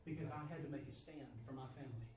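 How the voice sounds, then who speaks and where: A man's voice: medium pitch, fast, a little mellow, roomy sound, distant mic, slight background noise, low-quality recording. A man preaching a sermon, emphatic and repetitive, his voice swelling and dropping. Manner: repetitive, emphatic, rises and drops in volume.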